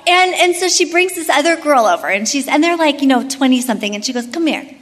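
High-voiced chatty woman teaching. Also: expressive, quick pace, fairly bright tone, big-room sound. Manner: chatty, storytelling, frequent "like". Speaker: Bible study teacher. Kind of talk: devotional teaching with personal story.

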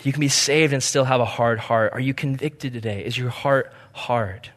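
A man preaching a sermon earnestly, pressing hard on some points and dropping to a hush on others. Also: mid-range voice, normal speed. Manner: earnest, swings from emphatic to hushed. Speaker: pastor. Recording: long reverb of a large hall.

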